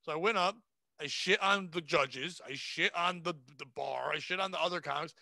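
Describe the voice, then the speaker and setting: A man's voice: on the high side, normal speed, gravelly, sharp tone, no room sound. A man in his forties, a comedian guest telling profane, brash stories in a casual podcast chat. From New England. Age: 40s.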